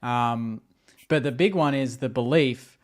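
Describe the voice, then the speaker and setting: A man's voice: mid-range voice, a little slow. A man with a mid-range voice talks as a guest on a casual podcast. He is earnest and chatty, scattering "like" through his sentences. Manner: chatty, lots of "like" fillers, earnest. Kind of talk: casual chat.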